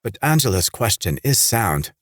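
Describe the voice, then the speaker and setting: A man voicing a level-headed geologist who reasons calmly to defuse a standoff, in an audiobook. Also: fairly low pitch, breathy edge, no echo, clean studio sound, pitched above the performer's own voice, heavily acted. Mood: reasoning. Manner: measured, reasoning. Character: calm diplomatic male geologist.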